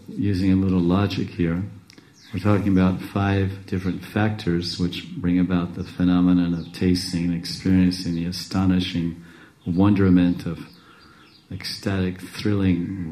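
A man teaching a scripture class, rambling with restarts, self-interruptions and chuckles, in a speaking style he calls a monotone. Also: sits low, rough recording. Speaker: spiritual teacher.

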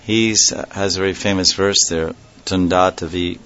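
A man's voice: sits low, steady tone, normal speed, fairly bright tone. A man giving a devotional lecture in a reflective way, repeating key words and chuckling now and then. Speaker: spiritual teacher. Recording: dull lo-fi recording.

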